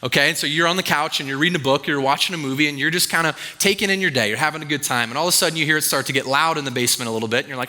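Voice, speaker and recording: A man's voice: fairly high pitch, rapid-fire, few pauses, pushed and bright, big-room sound. A man preaching a conversational sermon in church. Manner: conversational, acts out quoted voices. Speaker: pastor.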